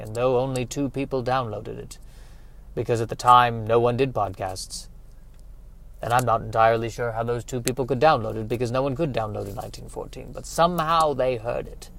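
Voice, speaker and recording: A man's voice: mid-range voice, fairly even intonation, a little fast, creaky, fairly bright tone. A man hosting a solo podcast, rambling in a wry, self-mocking way while he drives. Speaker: podcast host. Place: car, driving.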